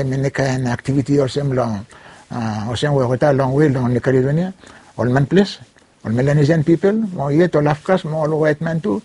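This interviewee, a man with a Ni-Vanuatu Bislama accent, has a higher-pitched, dark and slightly rough voice. He relates his life story in fits and starts, sliding among Bislama, English and French, on a dry recording.

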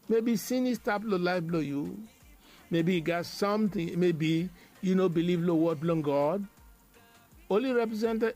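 A high-pitched man preaches a devotional sermon. He drives his points home with emphatic, repetitive phrases in a chanting rhythm. Soft music plays faintly underneath.

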